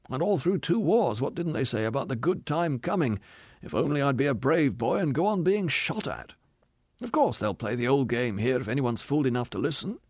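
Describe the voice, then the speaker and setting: A man voices a bitter, cynical, hard-bitten ghost who rants sneering, scornful complaints in a high, sharply swinging voice that keeps jumping up in contempt. The recording is close and dry, with no room sound.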